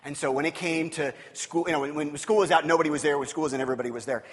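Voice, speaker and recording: A man's voice: a little high, fairly even intonation, rapid-fire. A man preaching a sermon, telling a personal story in a conversational way with frequent restarts. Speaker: pastor. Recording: long hall reverb with soft guitar music.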